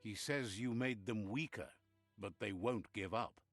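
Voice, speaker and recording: An actor voicing a calm game narrator who tells the hero's tale in a scripted storybook manner, with a playful relish for sound words. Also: male voice, on the low side, unhurried, creaky, no echo. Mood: storytelling. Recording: faint game music behind.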